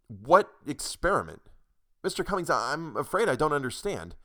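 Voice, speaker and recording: A man's voice: a little high, very animated, normal speed, bright, forceful tone, voice pushed up. A man voicing an anxious young office worker who stammers and gasps. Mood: bewildered. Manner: stammering, breathless.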